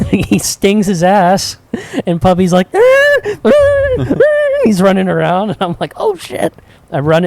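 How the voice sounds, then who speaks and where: A podcast co-host in a cigar shop tells animated, profane anecdotes in casual chat, laughing often. His voice sits on the high side, with no room sound.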